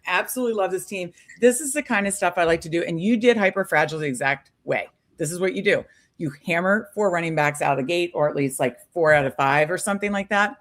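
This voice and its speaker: A woman's voice: fairly low pitch, fairly bright tone. A woman co-hosting a live stream, chatting casually and upbeat with many fillers. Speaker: podcast co-host.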